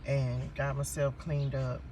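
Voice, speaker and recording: A man telling a story to his viewers in a casual vlog, animated and repeatedly calling them y'all, recorded outdoors at a park on a phone. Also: medium pitch, slow pace, recorded from a distance, noisy background. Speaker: vlogger.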